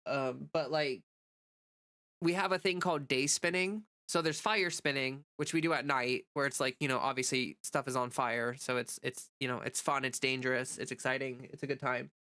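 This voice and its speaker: A livestreamer and content creator with a cold chats casually, reading viewer comments in a stuffy, nasal voice. Her bass voice is fairly bright, fairly even in intonation, and moderately paced, with lots of rambling and fillers.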